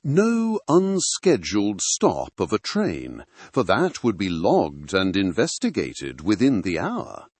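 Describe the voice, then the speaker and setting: A man's voice: fairly low pitch, wildly swooping pitch, takes it slowly, few pauses, a little mellow, breathy edge, no room sound, heavily acted. A man voicing a cool-headed male detective in an audiobook reading, giving clipped, deductive pronouncements. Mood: intent.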